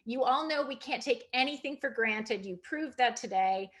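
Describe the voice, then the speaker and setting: Party chair, woman, slightly high voice, wrapping up a video call meeting. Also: moderate pace. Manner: warm thanks, chatty with fillers.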